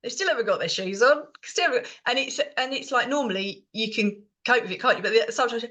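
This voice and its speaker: A woman's voice: on the high side, animated, fast, sharp tone. Chatty middle-aged British woman. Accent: British English. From Britain. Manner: rambling, many fillers and restarts. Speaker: podcast co-host. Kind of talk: casual chat.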